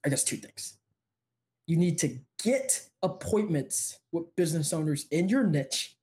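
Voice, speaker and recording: A young man from New Jersey, a podcast guest telling stories and pitching business tips with energy. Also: measured pace. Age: young adult. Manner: energetic storyteller, pitching to listeners. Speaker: interview guest, business owner. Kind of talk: casual interview storytelling.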